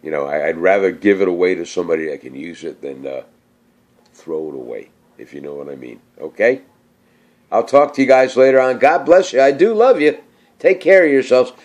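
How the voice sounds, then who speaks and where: This middle-aged vlogger sounds animated and brisk, his voice low with a darkish tone. He chats casually about cooking and shouts out viewers, rambling with plenty of fillers and slightly slurred words.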